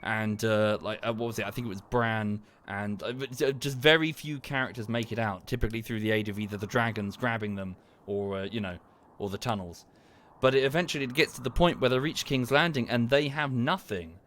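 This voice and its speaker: A man's voice: medium pitch, brisk, few pauses, fairly bright tone, slight background noise. A man, streaming from home and ranting about a TV series in a casual, rambling way, swearing, trailing off and restarting his sentences. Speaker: livestreamer. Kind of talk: casual livestream rant.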